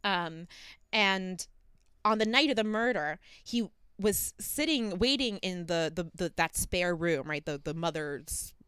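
Woman podcast co-host, mid pitch, clear smooth tone, dry close mic, casual storytelling. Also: unhurried, no room sound. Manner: chatty, relaxed storytelling with frequent ums. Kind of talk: casual chat retelling a true crime case.

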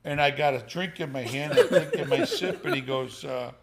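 A man's voice: medium pitch, moderate pace, gravelly, few pauses. An older man telling a family story in casual talk, swearing often and acting out the voices of people in it. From Sicilian family. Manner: animated, profane, acts out voices in the story.

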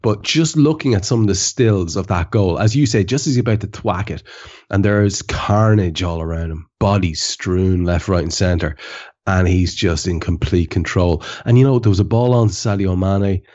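A man with a low voice hosts a football podcast in casual chat. He builds each point with eager repetition and restarts, and the recording sounds dull and lo-fi. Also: darkish tone. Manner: enthusiastic, repeats himself, drawn-out phrasing. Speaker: podcast host.

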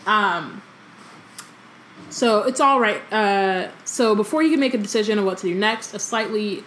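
A woman's voice: medium pitch, expressive, normal speed, fairly bright tone, slight background noise. A young woman co-hosting a casual book podcast, reading a novel aloud and breaking off into joking commentary with plenty of ums. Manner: chatty, reads then breaks off into joking commentary with many ums.

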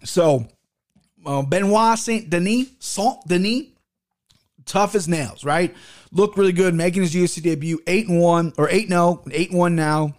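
A man's voice: fairly high pitch, fairly even intonation, moderate pace, a little mellow. A man hosting a casual solo commentary podcast, blunt and opinionated, swearing freely as he reviews fights. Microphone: headphones and desk mic.

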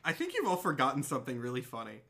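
A man's voice: medium pitch, wildly swooping pitch, rapid-fire, bright, forceful tone. Brief: man running a tabletop game, loose, talkative, laughs a lot. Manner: rambling, laughs often, filler-heavy. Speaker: game master.

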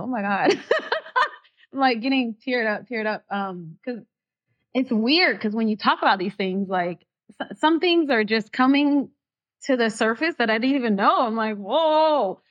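A woman speaking as a guest in a candid interview, expressive and heartfelt, her voice rising when she gets excited. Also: fairly high pitch, lo-fi sound. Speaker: actress guest.

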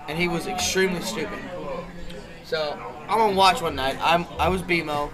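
A man telling stories with a high voice, swearing freely and laughing through his anecdotes. Chatter from a crowd fills the background, and he sounds loose and animated among friends. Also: moderate pace. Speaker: podcast host. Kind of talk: casual storytelling among friends.

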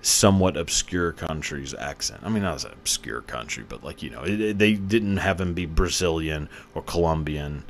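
A man with a very low voice hosts a podcast, talking loosely and casually. He rambles from point to point, swears freely, and breaks into laughter now and then. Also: expressive, moderate pace, few pauses, slight background noise. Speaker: podcast host. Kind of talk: casual monologue.

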